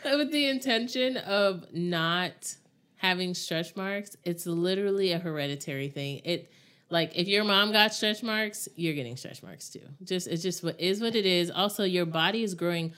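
A woman's voice: on the low side, normal speed, a bit bright, smooth. A pregnant woman co-hosting a podcast with her sister, talking casually and rambling with frequent laughs. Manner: chatty, rambling, laughs often. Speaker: podcast co-host.

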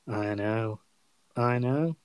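A man's voice: on the low side, drawn-out words, smooth, dry recording. A British man hosting a casual chat, quizzing and teasing his co-host and laughing easily. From Britain. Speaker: podcast co-host.

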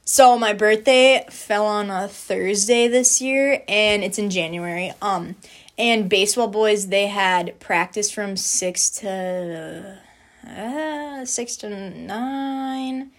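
A woman's voice: medium pitch, takes it slowly. A young woman, a college student, chatting casually about her freshman year, bubbly and full of "like" and "um". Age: young adult. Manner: chatty and bubbly, heavy use of "like" and "um". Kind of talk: casual storytelling chat.

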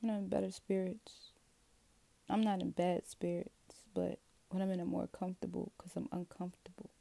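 A woman talking straight to her viewers in a rambling, profane, self-questioning confessional. Her voice is dark and gravelly with heavy vocal fry. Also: fairly low pitch, flat delivery, moderate pace. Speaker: vlogger. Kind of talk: candid confessional monologue.

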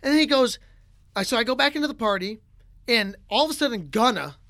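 A man co-hosting a casual podcast, telling a story in an animated way with many fillers. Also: extremely high pitch, fast talker, no room sound. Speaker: podcast co-host.

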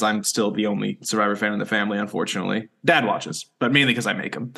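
A young man co-hosting a podcast, trading joking, deadpan jabs in casual chat. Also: on the low side, fast talker, creaky. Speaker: podcast co-host.

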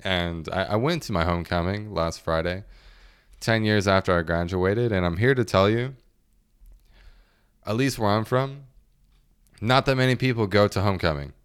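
A man's voice: on the low side, normal speed, pauses often, clear, resonant tone. A man in his late twenties hosting a casual solo podcast, rambling and joking, swearing freely and laughing often. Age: late 20s. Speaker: podcast host.

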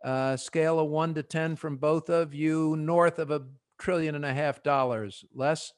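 A man with a New Jersey accent hosting a podcast panel, animated and joking as he prods his guests with quick questions. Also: fairly high pitch. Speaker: podcast host. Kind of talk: casual panel discussion.

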